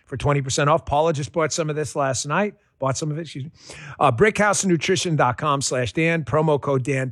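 A man reading a radio ad in a folksy, emphatic pitchman manner. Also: no echo, clean studio sound. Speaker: ad spokesman. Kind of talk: radio ad read.

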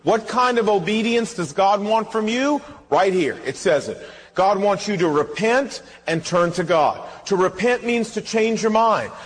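A man's voice: high-pitched, measured pace, breathy edge. A male pastor, preaching a sermon and acting out the dialogue of his stories with animation. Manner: animated storytelling, acts out dialogue. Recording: reverberant hall.

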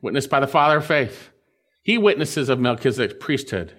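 A man's voice: mid-range voice, lively intonation, brisk, a bit bright. A man preaching an expository sermon, teaching verse by verse and checking in with his listeners. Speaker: pastor.

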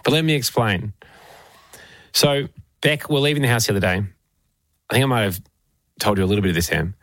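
A man's voice: fairly low pitch, brisk, fairly bright tone, no room sound. Man co-hosting, dry close voice. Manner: storytelling, quoting others in put-on voices. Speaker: podcast co-host. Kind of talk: casual chat.

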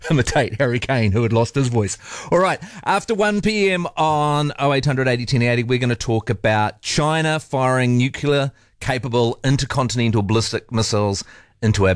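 A man's voice: mid-range voice, no echo, studio quality. A man hosting a talk radio show, chatty and jokey. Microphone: studio microphone.

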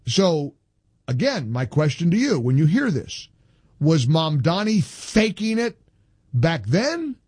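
A man's voice: high voice, darkish tone, breathy edge, no room sound. A man hosting a political talk radio show, emphatic and repeating himself when worked up.

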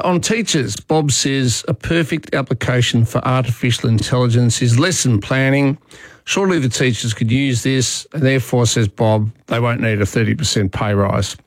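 A man's voice: mid-range voice, dry recording. A man with an Australian accent hosting talkback radio, chatting in a conversational way and thinking aloud with fillers.

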